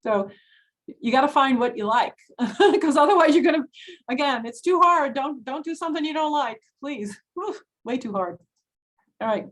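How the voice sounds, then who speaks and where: A woman in her sixties with a fairly high voice, talking with students as an experienced physician. She tells stories in an animated, chatty way, full of fillers, and gives frank, emphatic advice. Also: normal speed, low-quality recording. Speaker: physician and director of student health. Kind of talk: casual Q&A talk to pre-med students.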